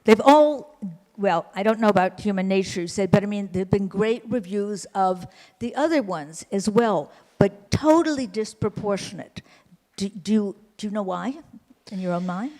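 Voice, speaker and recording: A woman's voice: mid-range voice, expressive, normal speed, a little mellow. Articulate woman interviewer in a reverberant hall. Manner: articulate, long probing questions. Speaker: interviewer, host. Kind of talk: onstage interview.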